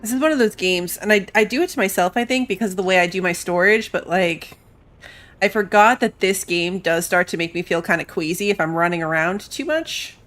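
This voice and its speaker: This gaming streamer, a worn-out mom with school-age children, talks in a medium-pitched, somewhat bright voice at a brisk clip. She rambles through casual let's-play commentary as she plays, yawning occasionally.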